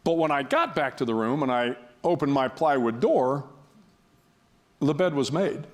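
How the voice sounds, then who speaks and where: A man's voice: medium pitch, lively intonation, normal speed. An older man speaking as a guest before an audience, telling a story in a wry, self-deprecating way with frequent restarts.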